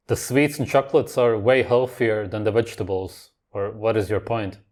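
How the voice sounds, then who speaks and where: A man's voice: on the low side, fairly even intonation, normal speed, noisy background. A man hosting a reaction video, commenting on clips in a blunt, dismissive, contrarian way.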